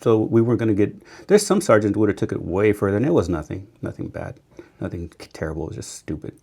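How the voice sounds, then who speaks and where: A man's voice: on the low side, lively intonation, quick pace, mellow, husky. A man hosting a podcast, telling blunt, profane war stories in casual talk and laughing often. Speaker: podcast host.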